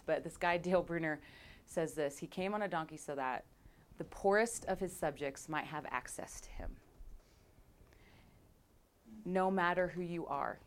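A woman pastor preaching a conversational sermon to her congregation, animated and playful, acting out scenes with sound effects. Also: deep voice. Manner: conversational, direct address to congregation.

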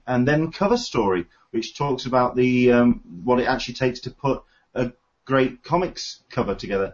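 Man, casual podcast host, excited and rambly, muffled lo-fi sound. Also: medium pitch. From United Kingdom. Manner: enthusiastic, rambling with many fillers. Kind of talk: casual chat. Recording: dull lo-fi recording.

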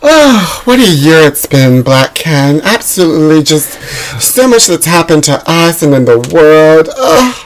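A woman's voice: low voice, very animated, measured pace. A woman co-hosting a comedy show with sketches and chirpy prank-call banter. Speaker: comedy podcast co-host.

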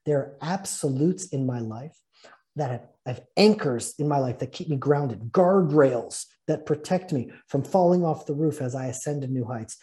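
A man teaches a spiritual fellowship session at a moderate pace in a warm, mid-range voice. He tells and reads a story aloud earnestly and with feeling.

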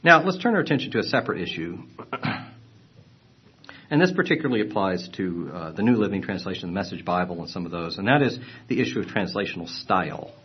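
A man teaching a lesson on Bible translations explains earnestly, clearing his throat and restarting phrases. His low-pitched voice is expressive and fast, and the highs are cut off.

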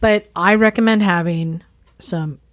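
A woman's voice: fairly low pitch, dry recording. A woman hosting a podcast, giving riding advice in a plain, matter-of-fact way. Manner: gives advice plainly, quick interjections. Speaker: podcast host and ride leader. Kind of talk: casual chat.

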